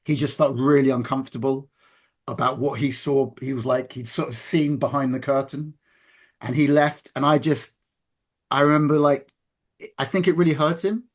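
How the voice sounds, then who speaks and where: A man's voice: mid-range voice, fairly even intonation, normal speed. A man in casual conversation, talking earnestly and with emphasis, often restarting his sentences.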